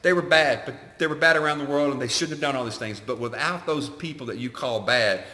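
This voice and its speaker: A man's voice: mid-range voice, brisk, bright, forceful tone. A man co-hosting a podcast, a coach talking in casual, opinionated chat. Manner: opinionated, preachy. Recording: echoey room with long reverb.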